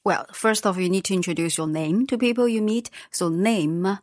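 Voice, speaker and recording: A woman's voice: mid-range voice, normal speed, a little mellow, dry recording, studio quality. A woman teaching on a podcast language lesson, patient and brief in her confirmations. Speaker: Chinese teacher.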